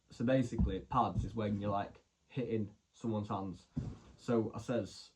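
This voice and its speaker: A man's voice: lowish voice, normal speed, a little mellow, slightly rough. Chatty young man. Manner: chatty, rambling, lots of "so anyway" and "like". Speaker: vlogger. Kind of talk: casual storytelling to camera.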